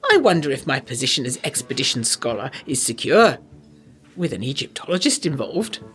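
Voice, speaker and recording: A woman narrating a letter as a proper young lady scholar in a brisk, slightly anxious way. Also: rumbling low, big pitch swings.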